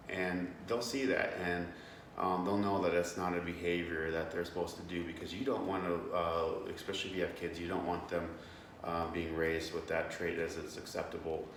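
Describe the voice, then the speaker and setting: A man's voice: low-pitched, little pitch movement, normal speed, fairly bright tone, far from the mic. A young man giving a casual devotional talk as host, earnest and plain-spoken, with many fillers and restarts. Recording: echoey room, away from the mic, faint background noise.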